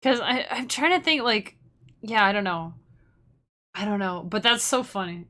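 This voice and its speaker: A woman's voice: mid-range voice, expressive, moderate pace, bright, forceful tone. A woman streamer and musician chatting casually with her viewers, rambling and restarting her sentences, laughing often. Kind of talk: casual livestream chat with viewers.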